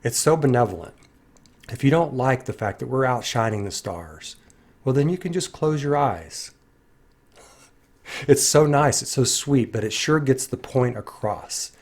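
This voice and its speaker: A man in the middle of a reflective song commentary, speaking in an earnest, musing way. His voice sits at an ordinary pitch as he quotes lines aloud and turns them over. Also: lively intonation, a little slow. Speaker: music commentator.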